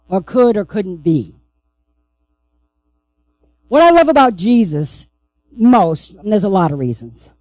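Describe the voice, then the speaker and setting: Woman pastor giving a sermon, high voice, dry close sound, keeps checking in with the room. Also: a little mellow, dry recording, rough recording. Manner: emphatic, keeps asking the congregation "right?".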